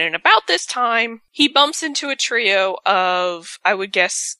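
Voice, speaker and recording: A woman co-hosting a casual podcast, recapping a TV episode and acting out the characters' lines in quick voices. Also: medium pitch, animated, pushed and bright, no room sound.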